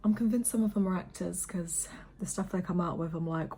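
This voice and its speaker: A woman's voice: fairly low pitch, fast, vocal fry, dark tone. A young woman in her twenties chatting casually to camera in a home vlog, upbeat and talkative. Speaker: vlogger. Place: home, indoors.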